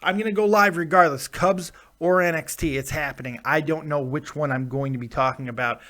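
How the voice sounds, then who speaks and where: A man hosts a casual live-stream preview with a slightly higher-than-usual pitch. He rambles, cracks jokes and talks straight to his viewers. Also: a little fast, a bit bright. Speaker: wrestling vlogger.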